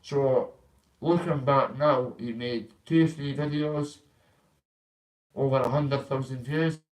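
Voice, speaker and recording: A man's voice: mid-range voice, fairly even intonation, slow pace, darkish tone, rough recording. A man from Dundee with a Scottish accent, telling a long story in casual, rambling speech full of swearing and Scots grammar. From Dundee, Scotland. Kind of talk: casual spoken anecdote.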